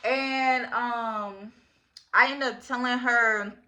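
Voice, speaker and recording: Woman, 20s, storytime vlogger: slangy and animated, laughs a lot, a bright voice that sits somewhat high. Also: very slow. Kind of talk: casual storytime.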